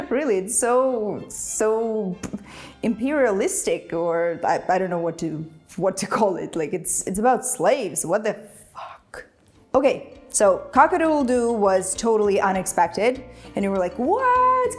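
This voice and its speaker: A young woman whose first language is Ukrainian teaches English in a playful, chatty video lesson, speaking in a mid-range voice with a darkish tone. She laughs often and imitates animal sounds.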